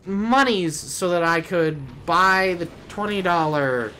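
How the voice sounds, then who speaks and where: A man's voice: sits high, animated, slow pace, bright, forceful tone, smooth. A man streaming a video game, chatting casually and rambling off-topic, often trailing off mid-sentence. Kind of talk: casual gameplay commentary.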